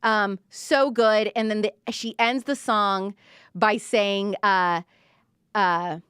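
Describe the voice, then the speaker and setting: A woman's voice: medium pitch, fairly even intonation, takes it slowly, fairly bright tone, smooth, dry recording, studio quality. A young woman hosting a casual album reaction, gushing and chatty with lots of fillers. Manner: gushing, chatty, filler-heavy, reads lyrics aloud animatedly. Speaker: host reviewing an album.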